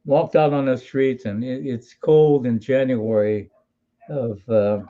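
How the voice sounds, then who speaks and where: A man's voice: mid-range voice, steady tone, takes it slowly, mellow, lo-fi sound. Older man telling wry stories. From Hawaii. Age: 80s. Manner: folksy, wry anecdotal telling with restarts. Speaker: interview guest, military veteran. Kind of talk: storytelling in an interview.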